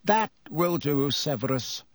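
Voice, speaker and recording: Calm, quiet, wise old headmaster in a storybook, voiced by a man. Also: sits high, a little slow, dry recording, clean studio sound, pitched above the performer's own voice, full character voice.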